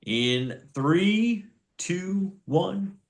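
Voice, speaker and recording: A man's voice: sits high, animated, extremely slow. Upbeat man hosting a podcast. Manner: upbeat, announcer-like, reading sponsor reads. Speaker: podcast host. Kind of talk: podcast intro and sign-off.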